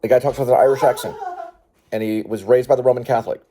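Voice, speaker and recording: A man's voice: mid-range voice, steady tone, fast, noisy background. A man hosting a casual improvised chat, rambling and joking as he plays a door-to-door salesman. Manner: rambling, jokey, playing a salesman. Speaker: host.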